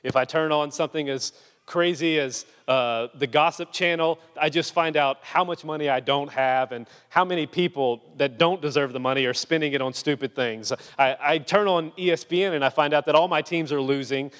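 A man's voice: a little high, brisk, a bit bright. A man preaching a sermon, dramatic and insistent, firing off rhetorical questions and acting out the scripture he quotes. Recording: long reverb in a large hall.

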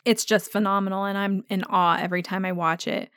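A woman's voice: mid-range voice, fairly even intonation, fairly bright tone, dry recording, clean studio sound. A woman hosting a fan podcast, gushing with enthusiasm as she talks through a favorite episode in casual chat. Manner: gushing and enthusiastic, speeding up in rushes. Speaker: podcast host.

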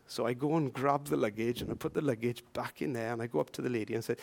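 A man preaching a sermon, telling a personal story with lively swings from hushed asides to loud, emphatic lines. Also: mid-range voice, quick pace, vocal fry, hardly any pauses.

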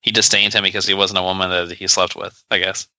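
A man's voice: low-pitched, little pitch movement, quick pace, pushed and bright, no echo. A man co-hosting a podcast, talking in a casual, joking and sarcastic way, rambling with many fillers. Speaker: podcast co-host. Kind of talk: casual chat. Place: podcast recording session.

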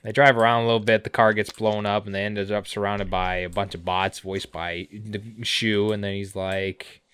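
A man co-hosting a podcast, recapping episodes casually with sarcasm, swearing and quick character impressions. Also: fairly low pitch, level tone, a bit bright, clean tone. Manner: sarcastic, swears a lot, acts out characters' lines. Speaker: podcast co-host.

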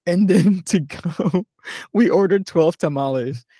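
A man's voice: high-pitched, unhurried, dark tone, no echo, studio quality. A young man from Philadelphia telling a road-trip story in a casual podcast chat, rambling and laughing as he acts out the people he met. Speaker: podcast co-host.

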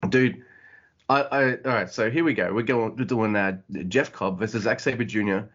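A man co-hosting a podcast, chatting casually in an animated way, swearing and acting out quotes. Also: lowish voice, moderate pace, breathy edge. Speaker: podcast co-host. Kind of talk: casual chat. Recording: dull lo-fi audio.

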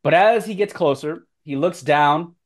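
A man running a tabletop game as game master, swearing and laughing often, with loud outbursts. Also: a little high, a little slow.

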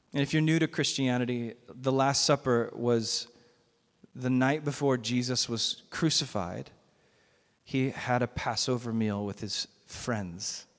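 A man's voice: medium pitch, fairly bright tone. Guy pastor preaching, chatty but emphatic, reverby church hall sound. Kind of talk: sermon. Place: church sanctuary.

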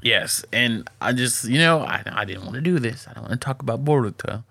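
A man narrates anime scenes to his co-host in loose, slangy talk, laughing along the way. His voice is bright and forward. The sound is dry and close. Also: medium pitch, animated, brisk, gravelly, no room sound. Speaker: podcast co-host. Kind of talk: casual anime recap chat.

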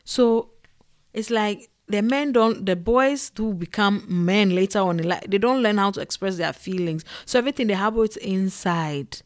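Animated woman vlogger, dry sound. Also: medium pitch, normal speed, no room sound. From Africa. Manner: animated, digressive, laughs often, many fillers. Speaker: vlogger and podcaster. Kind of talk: casual talk to camera.

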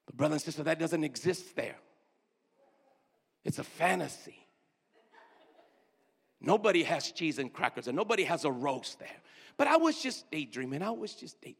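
Pastor, man, high-pitched, storytelling sermon, dynamic from booming to whispered, long church reverb. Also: big pitch swings, a little fast, creaky, husky. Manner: swings between loud outbursts and hushed near-whispers. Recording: long reverb of a large hall.

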